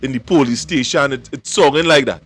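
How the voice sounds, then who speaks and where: A man co-hosting a talk stream, skeptical and halting, stumbling over his words. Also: medium pitch, a bit bright. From Trinidad.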